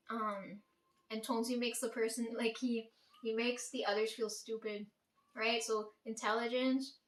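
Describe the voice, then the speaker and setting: A woman's voice: fairly high pitch, fairly bright tone, distant mic. A woman telling a family story to her viewers in a blunt, profane, emphatic way, often asking "right?". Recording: echoey room.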